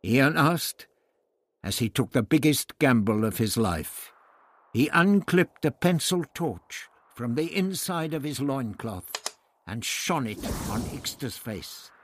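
A man narrating an adventure story as an audiobook, reading in an expressive, dramatic way. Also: medium pitch, measured pace, slightly rough.

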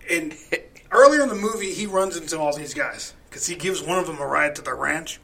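A man in casual chat, retelling a movie with lots of swearing and loud acted-out quotes. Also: a little high, fairly quick, gravelly. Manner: animated, profane, acts out quotes loudly.

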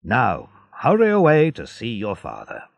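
A man's voice: medium pitch, huge pitch swings, unhurried, creaky, dry recording, muffled recording, full character voice. A man voicing a kindly, fatherly ship owner in a storybook reading. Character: older male ship owner, kindly and warm.

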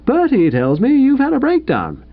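A man's voice: sits high, sing-song, moderate pace, voice pushed up. A man voicing a cheerful, breezy young husband who talks in a hearty, confident way, in a dull lo-fi recording.

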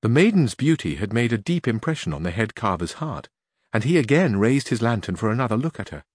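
A man reads a classic novel aloud with measured, even storytelling. His voice sits at an ordinary mid pitch, and the recording is dry and close with no room sound. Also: breathy edge, no room sound. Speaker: audiobook narrator. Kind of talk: scripted narration.

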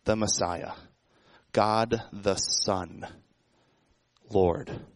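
A man's voice: on the low side, fairly even intonation, drawn-out words, no room sound, rough recording. Man preaching, dry close sound. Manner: conversational preaching with rhetorical questions. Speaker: pastor. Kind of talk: sermon.

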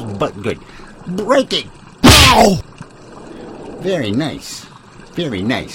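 A man's voice: fairly high pitch, noisy background. A man hosting a mock news broadcast in a hammy, rambling, folksy announcer manner. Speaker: comedy news host.

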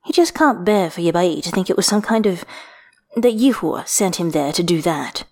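Woman narrator, slightly low pitch; unhurried, intimate fiction reading. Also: expressive, darkish tone. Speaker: reader.

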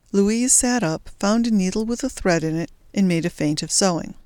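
A woman narrating a story in a steady, measured audiobook reading. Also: medium pitch, dry recording, studio quality. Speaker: audiobook reader. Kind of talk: scripted narration.

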